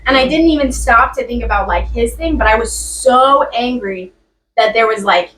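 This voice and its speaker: A woman's voice: fairly high pitch, fairly quick, reverberant, distant mic, noisy background. A young woman in a class, telling a personal story in a chatty way with many fillers and laughs. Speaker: student sharing a story.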